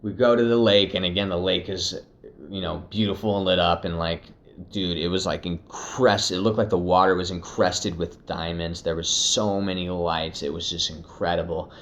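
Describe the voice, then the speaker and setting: A young man casually telling a personal story, profane and animated, slipping into acted quotes. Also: deep voice, moderate pace, slight background noise. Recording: dull lo-fi recording.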